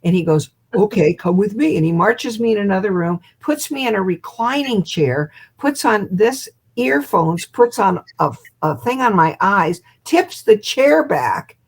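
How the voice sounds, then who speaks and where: An older woman in her seventies, a hypnotist guest, telling an animated story over a video call. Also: medium pitch, a little slow, hardly any pauses, breathy edge. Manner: lively storyteller who acts out quotes and laughs.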